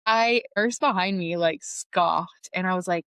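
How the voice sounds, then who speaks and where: A woman's voice: fairly low pitch, a little slow, clean tone, no room sound. A woman guest on a podcast, telling work stories in casual chat, laughing often and acting out what people said. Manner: animated, laughs often, acts out quoted lines. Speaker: podcast guest, lead EMT.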